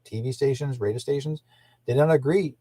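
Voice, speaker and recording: An older man with a husky voice rambles indignantly through his livestream, repeating himself and restarting sentences. His voice is recorded close and dry. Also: mid-range voice, brisk, mellow, no echo. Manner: indignant, repetitive, restarts often. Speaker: livestream host.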